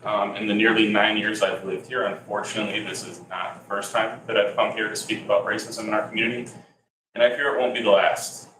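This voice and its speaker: A man's voice: on the low side, level tone, fairly quick, a bit bright. A man speaking with emotion at a council public comment, scolding the council. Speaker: resident giving public comment. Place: council chamber. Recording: echoey chamber, faint hum.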